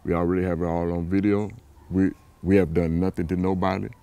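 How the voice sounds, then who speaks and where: Gravelly low man, vivid retelling. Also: brisk, dry recording. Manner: animated, acts out dialogue in a raised voice. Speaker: interviewee, father. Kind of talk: personal account.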